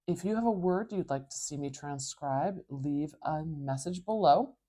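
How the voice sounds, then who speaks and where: A woman pronunciation coach teaching phonetic transcription, patiently modeling each sound slowly and aloud in a North American accent. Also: low-pitched, expressive, mellow. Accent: North American English. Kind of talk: tutorial explaining phonetic transcription.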